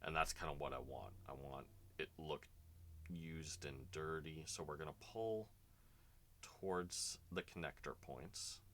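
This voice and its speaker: A man with a very deep voice talks casually as he paints miniatures for a stream. His tone is bright and forceful despite the low pitch. He rambles and chats with viewers between steps. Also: measured pace. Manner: chatty, rambling, talks to chat while working. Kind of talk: casual narrated painting session.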